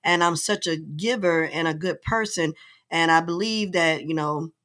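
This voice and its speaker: An older woman hosting a talk show, speaking in an earnest, heartfelt way and slowing down on emotional points. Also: deep voice, a bit bright. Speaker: host. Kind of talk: casual talk show chat.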